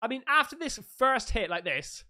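Excitable high-voiced English man. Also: normal speed, noisy background. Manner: excitable, swearing, exclaiming loudly. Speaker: reaction video host. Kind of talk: casual reaction commentary.

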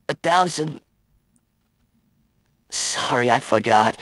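A man's voice: a little high, slow pace, background noise. A man reading lines for a blooper reel, hesitating, laughing and starting his lines over.

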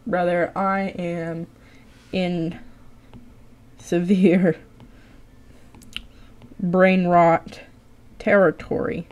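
A tired young woman rambles through a live stream, swearing casually and teasing herself as she draws. She talks slowly, and her voice is mellow and soft-edged. It is loose, unscripted chat. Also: fairly low pitch.

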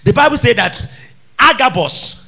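A man preaching with a bright, high voice that leaps up and down as he drives his points home. He fires repeated questions at the congregation and swings from shouted lines to quiet ones. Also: big pitch swings, unhurried, gravelly, husky. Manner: emphatic, calls out questions to the congregation. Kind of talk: sermon.

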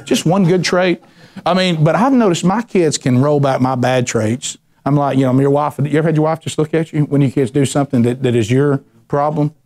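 Animated man preaching. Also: on the high side, a little fast. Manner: animated storyteller, acts out voices, ranting bursts. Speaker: men's Bible study teacher. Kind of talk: lively preaching with stories.

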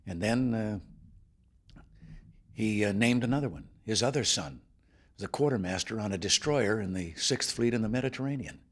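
Man in his 70s, slightly low husky voice, telling a relaxed folksy anecdote to luncheon guests. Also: normal speed, pauses often. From United States. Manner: folksy storytelling with chuckles. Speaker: president addressing luncheon guests. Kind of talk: after-lunch speech with anecdote. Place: formal dining room indoors.

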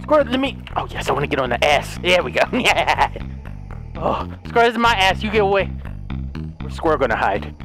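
A high-pitched young man reacting to a game in a frantic comedic commentary. He pleads, shouts and laughs through each round while faint music plays underneath. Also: big pitch swings, brisk, vocal fry. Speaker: gaming video host. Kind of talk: comedic let's play commentary.

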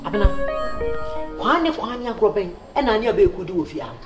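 A woman playing a mother scolding her daughter in a comedy sketch, animated and laughing between words. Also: mid-range voice, fast talker, over music, lightly acted. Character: scolding mother, loud and sharp. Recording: echoey room.

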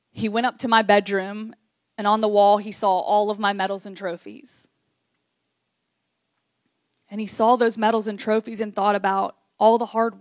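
Addressing a live audience in an event room, a keynote speaker in her late thirties talks earnestly and emotionally, leaning on repeated phrases for emphasis. She has a medium-pitched voice, captured dry with clean studio sound.

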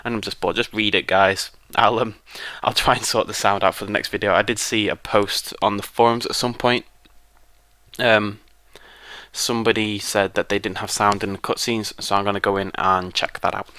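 A British man giving joking, excitable gameplay commentary as a let's play host, shouting at the game. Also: lowish voice, moderate pace, dry recording.

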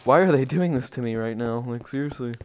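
A man giving casual, rambling commentary on a tour of his game village, easily excited and breaking into sudden outbursts. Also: mid-range voice, fairly quick, a little hiss or hum.

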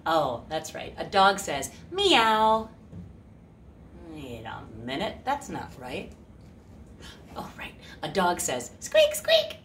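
A woman hosting a children's music show, talking softly and playfully to young listeners and pretending to forget things. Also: low-pitched, animated, slow pace, distant mic, background noise. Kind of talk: gentle talk to children. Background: guitar.

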